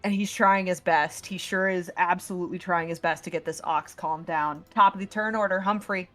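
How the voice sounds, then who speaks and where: A woman narrating as game master of a tabletop game, unhurried, with many fillers and restarts. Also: lowish voice, fairly even intonation, a bit bright, soft background music.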